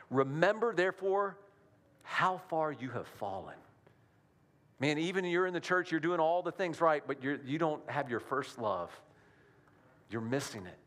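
A man's voice: on the high side, a bit bright. A male pastor giving a sermon in a conversational style, often checking in with the congregation through rhetorical questions.

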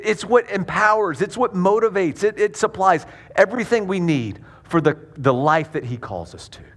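A man's voice: high voice, fairly bright tone. A man preaching a sermon in a conversational way, often repeating his words as he goes. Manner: conversational, repeats words, acts out quick quoted voices. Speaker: pastor.

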